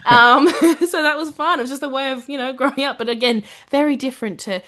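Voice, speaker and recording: A woman's voice: high voice, quick pace, bright, forceful tone. A young woman from Australia with an Australian accent, telling stories as a podcast guest and laughing often. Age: young adult. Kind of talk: casual storytelling interview. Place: podcast studio in London.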